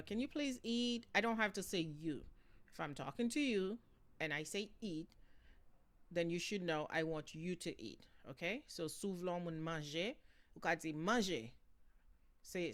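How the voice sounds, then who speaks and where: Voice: medium pitch, a bit bright. A language teacher giving a casual spoken lesson, switching between languages and checking in often with "okay?" and "right?".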